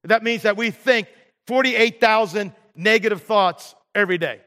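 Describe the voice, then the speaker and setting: A middle-aged male pastor preaching a sermon in a church, self-deprecating and animated as he tells stories. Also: high-pitched, moderate pace. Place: large church hall. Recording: hall reverb.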